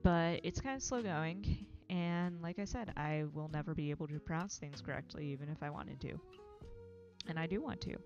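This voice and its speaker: A woman's voice: sits low, highs cut off. An American woman hosting a livestream, chatting casually in a rambling, self-deprecating way, swearing freely and laughing often. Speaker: livestream host.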